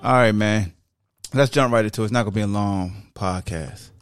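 A man's voice: fairly low pitch, normal speed, no room sound, soft background music. A man hosting his own sports podcast in a laid-back, slangy casual chat on a studio mic. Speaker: podcast host. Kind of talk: casual solo podcast talk.

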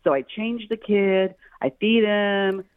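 A middle-aged woman, a fertility doctor, telling personal stories in a casual chat, animated and acting out the voices of the people she quotes. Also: mid-range voice, takes it slowly, dry recording. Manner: animated, acts out quoted voices, repeats words when excited. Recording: tinny phone line, dry.

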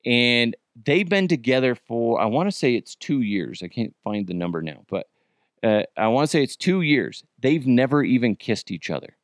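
A man's voice: mid-range voice, very animated, moderate pace, no echo. Rambling male podcast host, dry sound. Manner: rambling, with many restarts and asides. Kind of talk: casual comedic podcast chat.

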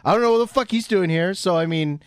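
A man's voice: sits high, quick pace. A man in his thirties co-hosting a casual podcast, firing off sarcastic retorts. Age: 30s.

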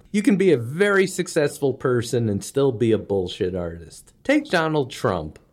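Wry, animated comic storyteller man. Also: on the high side. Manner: wry, self-deprecating. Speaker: comedian storyteller. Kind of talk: comedic storytelling monologue.

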